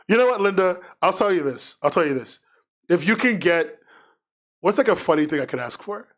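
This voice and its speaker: Man, streamer, casual live chat, rambling, frank, self-mocking, fairly high voice. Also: very animated, fairly quick, a bit bright.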